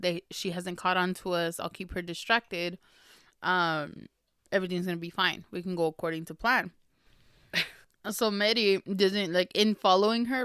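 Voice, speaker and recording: A woman's voice: on the low side, a bit bright, clean tone, dry recording, studio quality. A woman hosting a podcast, chatting casually and laughing often as she recaps a book. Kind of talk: casual chat.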